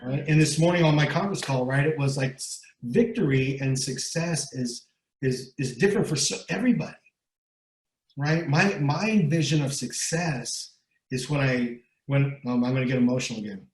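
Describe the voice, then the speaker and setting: Speaking at normal speed in a mid-range voice, a middle-aged man gives a motivational talk as an interview guest. He's a guest speaker and recovery coach who drives his points home, repeats himself, and keeps asking "right?" It's a rough recording in an echoey room.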